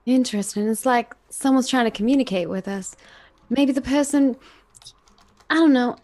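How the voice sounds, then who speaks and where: A woman's voice: fairly high pitch, normal speed, mellow. A woman playing in a tabletop role-playing game, musing thoughtfully in character. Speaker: player. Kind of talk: casual tabletop play.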